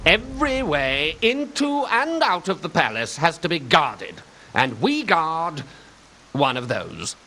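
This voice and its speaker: A man's voice: a little high, sing-song, slow, bright, forceful tone, exaggerated voice. An actor playing a cynical, bored male palace guard with a dry, sardonic drawl. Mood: deadpan.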